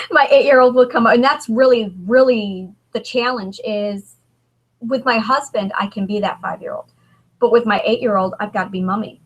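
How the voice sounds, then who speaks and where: A woman in her thirties, an author speaking candidly as a guest, halting often and restarting her sentences. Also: fairly high pitch, rough recording. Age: 30s. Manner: halting, emotional, many restarts. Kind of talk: candid conversation.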